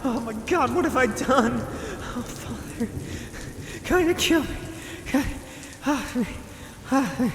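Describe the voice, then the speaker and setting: Man playing a frantic young hero screaming in terror, high, strained, pitch leaping. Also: animated, slow, long pauses, a bit bright, reverberant, long reverb tail, faint music behind, full character voice. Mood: terrified.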